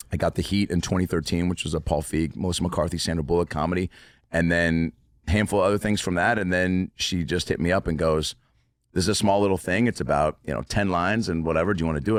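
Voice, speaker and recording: A man's voice: deep voice, quick pace, no room sound, studio quality. A man in his thirties, a comedian guest on a podcast, telling a rambling, profane story in casual chat. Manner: rambling storyteller, swears, laughs often.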